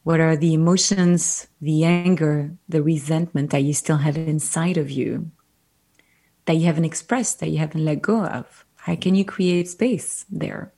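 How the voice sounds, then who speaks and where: Low-voiced woman with a French accent. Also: measured pace. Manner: animated storyteller, gentle and reflective when advising. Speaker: podcast guest. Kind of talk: casual interview chat.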